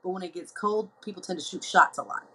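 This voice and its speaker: A woman in her thirties hosting a show, talking candidly and chattily to viewers, slipping into lively quoted asides. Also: on the low side, fast talker, breathy edge, poor audio. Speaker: host. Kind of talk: candid personal talk to viewers.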